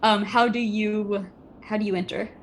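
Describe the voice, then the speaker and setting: A woman's voice: mid-range voice, fairly even intonation, moderate pace. A woman narrating a tabletop game as game master, chatty, with many "like"s and "um"s. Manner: chatty, full of "like" and "um".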